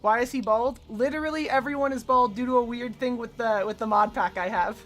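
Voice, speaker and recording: A woman's voice: fairly high pitch, fairly quick, faint music behind. Crude, joking woman streamer. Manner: crude, joking, sighs often. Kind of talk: casual gaming commentary.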